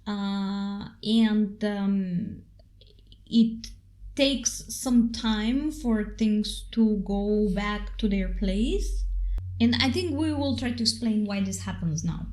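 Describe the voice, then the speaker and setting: A woman's voice: medium pitch, slow, a little mellow. A woman co-hosting a casual spiritual talk, speaking unhurriedly with many fillers. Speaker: co-host.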